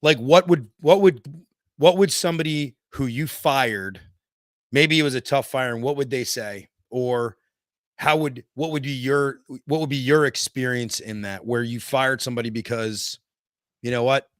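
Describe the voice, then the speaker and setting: A man's voice: mid-range voice, normal speed, dry recording. Podcast host guy, mid voice, kinda rambles looking for words, dry close mic. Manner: rambling, searching for words before asking. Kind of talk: casual interview talk.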